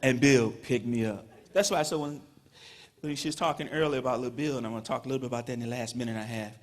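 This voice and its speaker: A man's voice: mid-range voice, very fast. A man from Petersburg, Virginia, giving a conversational Hall of Fame induction speech full of "you know". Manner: conversational storytelling with many "you know" fillers. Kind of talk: induction ceremony speech, storytelling. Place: ceremony hall, speaking to an audience.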